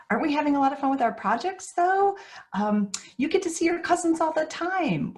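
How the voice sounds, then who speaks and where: Middle-aged woman therapist, low voice, earnest training delivery. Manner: earnest, teaching, acts out quoted voices. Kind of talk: training talk.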